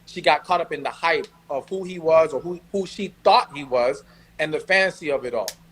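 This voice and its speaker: New York man, high voice; co-host giving blunt, emphatic relationship advice. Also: fairly quick, a bit bright, slight background noise, poor audio. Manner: blunt, emphatic, street slang. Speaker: podcast co-host. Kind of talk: casual advice chat.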